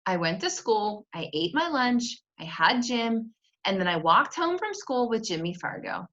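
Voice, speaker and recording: Casting: woman reader, bright and animated, reading a chapter book to kids, lo-fi home mic. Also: a little high, a little slow. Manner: expressive, chatty asides. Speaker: teacher reading aloud. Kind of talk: reading a children's novel aloud.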